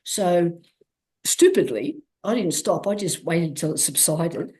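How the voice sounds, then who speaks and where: An Australian woman with a lowish voice speaks slowly. She's a guest athlete being interviewed, telling her story candidly and with animation, acting out quoted dialogue and restarting often.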